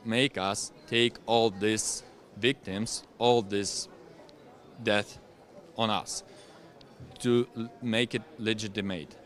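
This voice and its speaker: A young Ukrainian man speaking English in a lowish voice. He gives interview testimony haltingly, with many pauses, fillers and restarts. English is not his first language. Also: a bit bright. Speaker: veteran guest.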